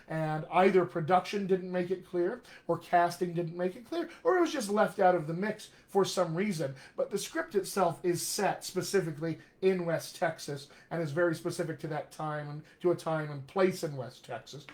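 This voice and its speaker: A man's voice: sits high, moderate pace, hardly any pauses, a little mellow. A man coaching actors in a live-streamed talk, direct and encouraging, often checking in with "all right?". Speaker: dialect coach.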